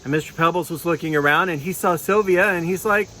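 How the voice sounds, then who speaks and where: A man telling a children's sermon with puppets, in a gentle storytelling manner. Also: a little high, quick pace, slight background noise, poor audio. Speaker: clergy giving children's sermon.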